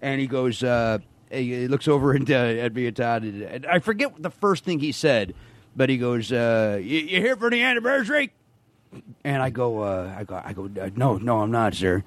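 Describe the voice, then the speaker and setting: A middle-aged man, a podcast guest, telling comic stories in casual chat and putting on gruff voices for the people he quotes. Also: mid-range voice, normal speed, dry recording. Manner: animated storyteller who slips into gruff voices for the people he quotes.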